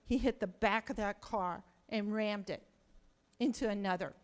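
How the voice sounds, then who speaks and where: A woman's voice: medium pitch, normal speed. A woman state senator gives an impassioned floor speech, pleading and asking rhetorical questions. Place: large legislative chamber. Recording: long reverb of a large chamber.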